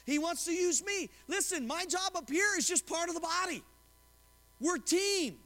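In a church sanctuary with a big-room sound, a male pastor preaches a sermon, reading scripture and retelling a story with quoted voices. His very high voice is expressive, pushed and bright, at a moderate pace, and he often puts questions to the congregation.

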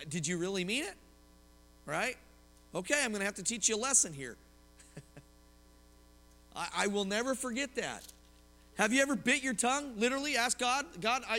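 Male pastor, high and bright, lively sermon with stories, in a reverberant hall. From Oklahoma, US. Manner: lively preaching with personal stories and questions to the congregation.

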